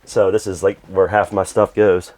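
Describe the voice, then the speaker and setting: A man's voice: sits low, level tone, normal speed, a little mellow, a little hiss or hum. A man in his thirties, a game collector chatting casually at home, rambling with lots of fillers and restarts. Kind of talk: casual interview chat.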